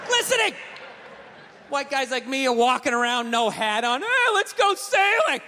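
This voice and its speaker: A man in his forties doing a profane, ranting stand-up comedy routine on stage, with loud outbursts. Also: extremely high pitch, slight background noise. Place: stage in a large venue. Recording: live show in a big hall.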